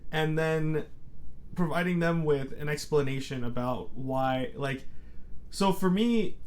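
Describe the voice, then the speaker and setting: A man's voice: a little high, slow pace, darkish tone. A man who works as a therapist, talking on a podcast in a reflective way and explaining his approach at length. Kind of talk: casual podcast chat.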